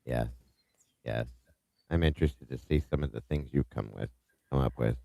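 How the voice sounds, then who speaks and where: A man's voice: a bass voice, normal speed, vocal fry, warm tone, no echo. A man hosting a live true-crime stream, chatting casually and upbeat as he greets viewers by name, with small stumbles, on a close mic.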